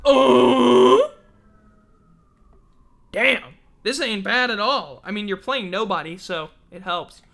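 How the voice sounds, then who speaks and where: Bright, profane woman ranting sports. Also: mid-range voice, animated, normal speed. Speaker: sports talk show host. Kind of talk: casual livestream sports rant.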